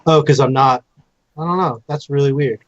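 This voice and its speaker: A man playing a tabletop game talks casually at normal speed in a medium-pitched voice, hesitant and full of fillers yet eager in his calls to act. The audio has no room sound and the highs are cut off.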